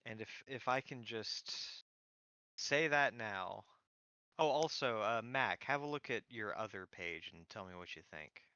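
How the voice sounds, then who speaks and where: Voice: medium pitch, lively intonation, a little slow, pushed and bright, smooth, no room sound. Game master on a dull lo-fi mic. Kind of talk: casual chat.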